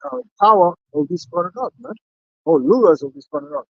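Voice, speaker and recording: Gravelly guy reading old-style scripture, dull dry lo-fi sound. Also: high-pitched, animated, fairly quick, dry recording. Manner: recites scripture in archaic King James wording, emphatic. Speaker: camp speaker reading scripture. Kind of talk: preaching conversation with scripture reading.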